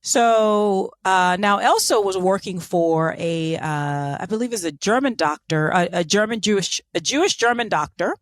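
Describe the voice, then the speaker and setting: A woman's voice: mid-range voice, animated, normal speed, few pauses, dry recording, clean studio sound. A woman co-hosting a podcast, telling a story in casual chat with sarcastic asides and lots of fillers. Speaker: podcast co-host.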